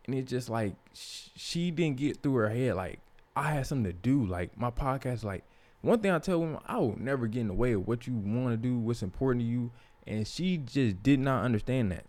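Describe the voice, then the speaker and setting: A young man tells a personal story in a loose, profane podcast monologue. He speaks at a middling pitch and gets animated when he quotes other people. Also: brisk. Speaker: podcast host.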